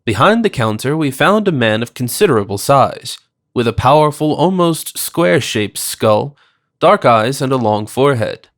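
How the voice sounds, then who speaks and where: A male narrator reads a period detective story in the first person with measured, formal diction. His voice sits at an ordinary middle pitch and keeps an even, steady pace. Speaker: audiobook narrator.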